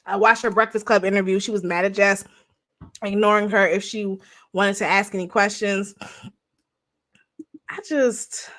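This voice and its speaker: A woman's voice: medium pitch, steady tone, moderate pace, pauses often, fairly bright tone. A young woman hosting a livestream, chatting bluntly and profanely to her viewers. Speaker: livestream host. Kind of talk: casual livestream commentary.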